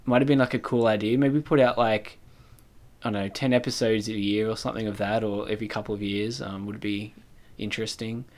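Aussie guy on a podcast, lowish voice, laid back and rambly. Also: brisk. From Australia. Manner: relaxed, rambling, many fillers. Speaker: podcast co-host. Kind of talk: casual chat.

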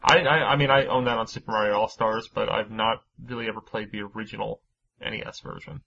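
Brief: chatty male podcast host, husky voice, casual swearing, dull lo-fi sound. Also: fairly low pitch, steady tone, fast talker, pushed and bright. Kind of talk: casual gaming podcast chat.

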